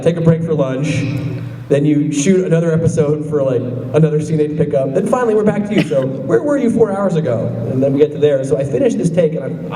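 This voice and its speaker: A man quickly telling a story from a film set to an audience, animated. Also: fairly high pitch. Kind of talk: anecdote to an audience. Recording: echoey hall, far mic, audience.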